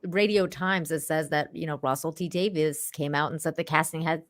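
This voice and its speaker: A woman's voice: sits low, steady tone, normal speed, no echo, clean studio sound. A woman in a casual podcast chat, offhandedly passing along something she read.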